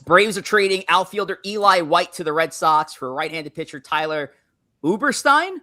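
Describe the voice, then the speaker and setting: A man's voice: high voice, lively intonation, normal speed, sharp tone, no room sound, studio quality. A man hosting a live sports stream, reading out news updates in an upbeat, chatty way. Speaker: stream host.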